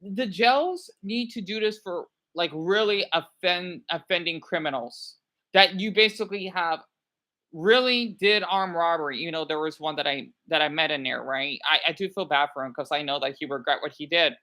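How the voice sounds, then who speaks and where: A woman's voice: on the low side, normal speed. A woman in her thirties from Arizona, rambling through opinionated commentary while reacting to videos, checking in with "right?" a lot. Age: 30s. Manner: rambling, animated, asks "right?" often.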